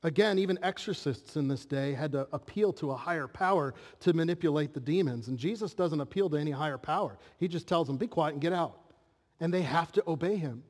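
A male pastor delivers an earnest sermon, often turning to his listeners with rhetorical questions. His voice sits a little high for a man. The recording carries a long reverb from the hall. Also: fast, hardly any pauses, a little mellow.

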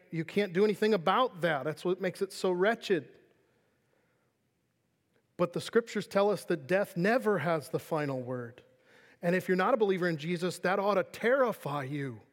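High-voiced preacher in a reverberant hall. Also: male voice, animated. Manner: earnest preaching, reads scripture slowly, drops to quiet emphasis. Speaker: pastor. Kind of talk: sermon.

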